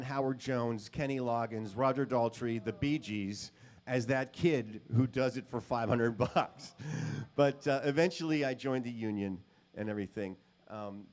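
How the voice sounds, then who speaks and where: A male guitarist and session musician telling casual, self-deprecating stories at a guitar clinic. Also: medium pitch. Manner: casual, self-deprecating, many fillers and acted quotes. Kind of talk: anecdotal storytelling at a guitar clinic.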